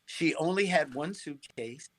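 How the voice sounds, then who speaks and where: Animated middle-aged male storyteller. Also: a little high, measured pace. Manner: animated storyteller, repeats and restarts phrases, checks in with "right?". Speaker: interview guest. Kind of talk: casual interview storytelling.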